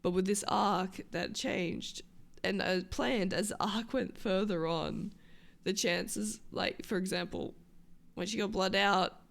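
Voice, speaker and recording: Aussie woman streamer just yapping to chat, super gravelly fry, swears a lot, keeps forgetting what she was saying. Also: medium pitch, steady tone, slow. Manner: rambling, loses her train of thought, swears casually. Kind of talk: casual chat with stream viewers.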